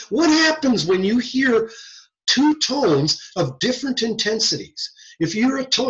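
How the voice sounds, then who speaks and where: A man lecturing a class on hearing tests, asking his students rhetorical questions. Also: high voice. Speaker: audiology lecturer. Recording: muffled lo-fi lecture recording.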